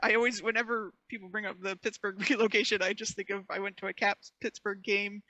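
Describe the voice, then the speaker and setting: A woman's voice: medium pitch, level tone, brisk, pushed and bright, no room sound, dull audio. A woman co-hosting a casual podcast chat, arguing her point and explaining at length with a laugh. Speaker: podcast co-host.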